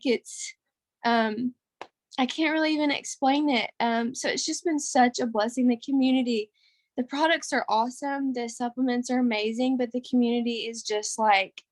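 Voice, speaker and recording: A woman's voice: on the high side, dry recording. A young woman telling an emotional, rambling testimonial on a group call, close to tears. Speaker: caller sharing a testimonial.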